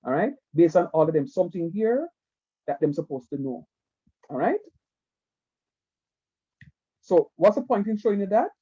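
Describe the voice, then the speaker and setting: High-voiced man teaching math. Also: big pitch swings, moderate pace, pauses often, warm tone, slightly rough, dull audio. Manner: repetitive, coaxing, keeps saying "watch me". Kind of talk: online class lecture.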